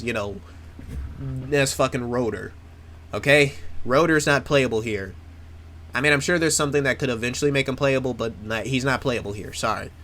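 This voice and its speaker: A man's voice: medium pitch, fairly bright tone, slight background noise. A man in casual chat, rambling with plenty of restarts, swearing freely and mocking himself. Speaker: video creator.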